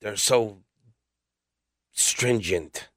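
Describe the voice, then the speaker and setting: A man's voice: fairly low pitch, extremely slow, no room sound, clean studio sound. A middle-aged man, a guest on a podcast, telling rambling, blunt stories and acting out what others said. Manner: blunt, rambling anecdotes with acted-out quotes. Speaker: podcast guest, metal singer. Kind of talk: casual storytelling interview.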